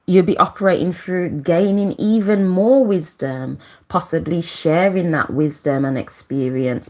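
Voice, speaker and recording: An astrology channel host leads a casual live astrology talk, her low, darkish voice picked up by a camera microphone. She rambles with lots of fillers and restarts, sounds emotional and near tears, and laughs between points.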